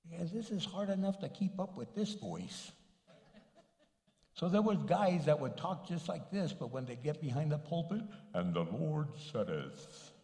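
An older man preaches a sermon in a casual, joking way, with a fairly high voice. His voice rings around a large church hall with a long, echoing reverb. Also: animated, normal speed, warm tone. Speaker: pastor.

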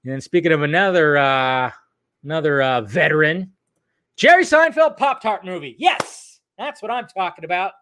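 A man with a fairly high voice hosts a loose, chatty podcast. He rambles through entertainment news, swears freely and keeps circling back with "I tell you what.". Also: expressive, moderate pace, sharp tone. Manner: rambling, swearing, filler-heavy, laughs often. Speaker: podcast host. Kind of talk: casual solo news chat.

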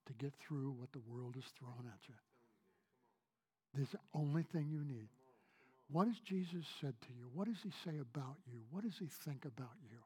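A man preaching a sermon as pastor, earnest and repetitive, swinging between raised emphasis and soft, hushed lines. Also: fairly high pitch, husky.

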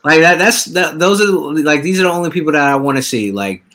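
Casual young male podcast host, a little high-pitched, talks in halting restarts. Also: big pitch swings, fairly bright tone. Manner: rambling, halting, full of restarts.

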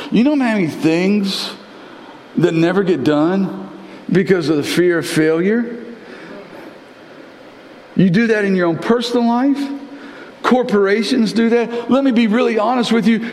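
Animated preacher in a reverberant church. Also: male voice, unhurried, long pauses. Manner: animated preaching with big pitch swings, repeats words for emphasis. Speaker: pastor. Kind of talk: sermon. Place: large church sanctuary. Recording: long church-hall reverb.

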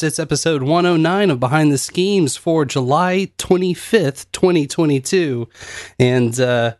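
A man's voice: on the high side, normal speed, no room sound, studio quality. A man hosting a podcast in casual, self-deprecating chat, often laughing. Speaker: podcast host.

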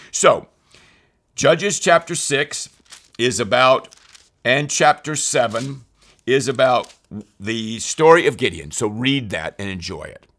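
A man's voice: mid-range voice, a bit bright. An earnest man leading a weekly Bible study in a mid-range voice. He talks his listeners through scripture and repeats key phrases for emphasis. When he quotes a passage his voice rises with intensity. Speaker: Bible teacher.

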